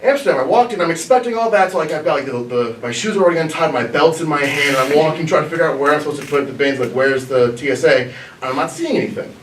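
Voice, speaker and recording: A young man from Missouri in the US tells a comedic story onstage as an improv performer, laughing at his own tale. His voice is a little high and a bit bright at a quick pace, recorded from far off in an echoey small black box theater with slight background noise.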